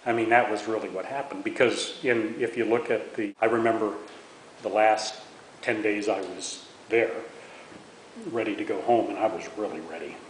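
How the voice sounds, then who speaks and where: Older man in his 60s, deep-ish voice, halting repeated words, echoey room, faint hiss. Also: steady tone. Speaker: veteran interviewee. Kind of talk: oral history interview.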